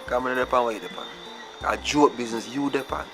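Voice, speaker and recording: A man's voice: mid-range voice, fast talker, a bit bright, soft background music, low-quality recording. A man with a Jamaican accent, indignantly ranting in a comedy sketch.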